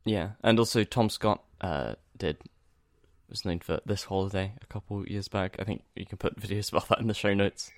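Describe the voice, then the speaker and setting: A man's voice: lowish voice, steady tone, moderate pace, vocal fry, no room sound, clean studio sound. A young man co-hosting a podcast, rambling in casual chat with lots of fillers and easy laughs. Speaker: podcast co-host.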